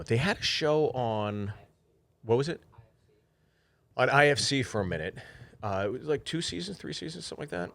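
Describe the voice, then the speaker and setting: A man co-hosting a podcast in relaxed, casual chat, swearing now and then. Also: mid-range voice, normal speed, creaky, pauses often, dry recording. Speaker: podcast co-host.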